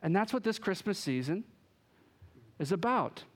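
A man preaching a sermon, telling stories with lively energy and acting out the voices of the people in them. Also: high-pitched, moderate pace. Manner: animated storytelling, acts out quoted voices. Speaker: pastor.

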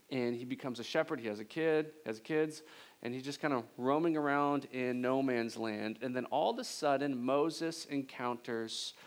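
A man preaching a sermon in a casual, animated storytelling way. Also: mid-range voice, creaky.

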